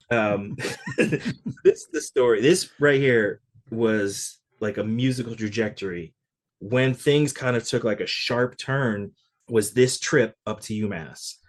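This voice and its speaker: A man, a guest musician, telling a story in an interview and acting out the voices of the people in it. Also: medium pitch. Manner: animated, acts out quoted dialogue.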